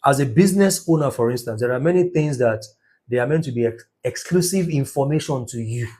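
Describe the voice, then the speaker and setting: Emphatic man lecturing, husky voice. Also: mid-range voice, mellow. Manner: emphatic, rhetorical questions, drawn-out words for stress. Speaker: business numerology teacher. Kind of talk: impassioned lecture.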